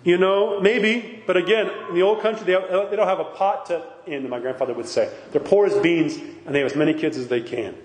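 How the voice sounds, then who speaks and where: A man's voice: high voice, brisk, few pauses. A male priest preaching in a loose, conversational way, leaning hard on his points and throwing rhetorical questions at the room. His voice rings through a hall with a long reverb. A faint hum of ambience sits under it. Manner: emphatic, with frequent rhetorical questions. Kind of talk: conversational sermon. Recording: echoey hall with faint background noise.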